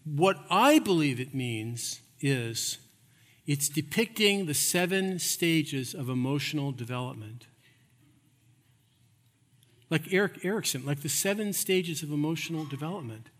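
A man delivers a sermon from the pulpit, his voice bright, forceful and set a little high for a man. He shifts from funny storytelling to emphatic preaching. The church gives his words a long, ringing reverb. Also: lively intonation, unhurried. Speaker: pastor. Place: church sanctuary.

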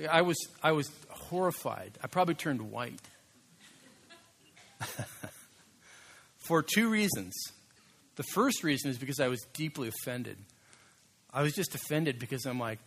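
A man preaching a sermon as pastor, conversational and emphatic, slowing down to stress key words. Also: medium pitch, expressive, fairly bright tone, breathy edge.

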